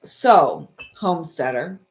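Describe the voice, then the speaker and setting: A woman's voice: sits low, animated, takes it slowly. A woman in her fifties from Canada hosts a live card reading. She talks in a gushing, wandering way and keeps circling back to her feelings, with fillers and trailing thoughts. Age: 50s. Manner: gushing, meandering, emotional. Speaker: intuitive card reader, livestream host.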